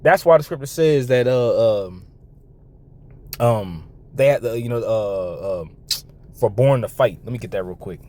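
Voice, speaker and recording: A man giving a reaction commentary and reading scripture, talking in an animated way with repeated words, restarts and laughs between remarks. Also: medium pitch, measured pace, a little hiss or hum. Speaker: online commentator.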